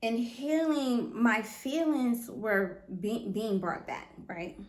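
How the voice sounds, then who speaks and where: Speaking slowly with lively intonation, a woman with a slightly high voice hosts a motivational solo podcast from an echoey room. She stresses her points earnestly, repeats phrases, and keeps making sure the listener understands.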